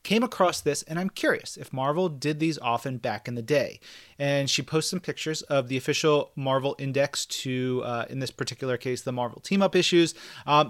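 A man's voice: mid-range voice, a bit bright. A man co-hosting a podcast, chatting casually and enthusiastically about comics and games. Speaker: podcast co-host.

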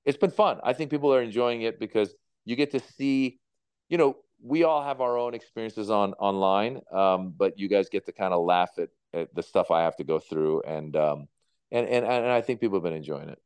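A comedian in his fifties telling stories in an interview, animated and acting out people's voices. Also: lowish voice, normal speed, clean tone, no echo. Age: 50s. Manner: animated, acts out voices in anecdotes. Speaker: comedian guest. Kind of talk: relaxed interview storytelling.

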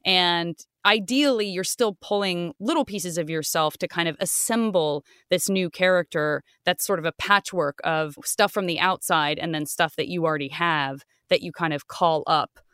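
A woman's voice: normal speed, hardly any pauses, clear, resonant tone, no echo. Chatty woman podcast host, dry sound. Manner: animated, talkative, voice jumps high when excited. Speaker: voice actress. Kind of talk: casual podcast chat.

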